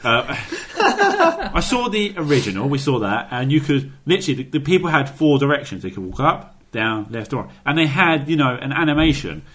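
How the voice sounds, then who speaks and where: A man's voice: mid-range voice, lively intonation, fairly quick, a bit bright. A man co-hosting a podcast, blunt and mocking in casual chat. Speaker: podcast co-host.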